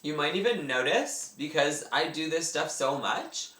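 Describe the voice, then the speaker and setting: A man's voice: a little high, expressive, a little slow, pushed and bright. A man teaching yoga breathing exercises in a casual, enthusiastic way, talking through each movement as he does it. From Canada. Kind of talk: instructional talk. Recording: echoey room, mic at a distance.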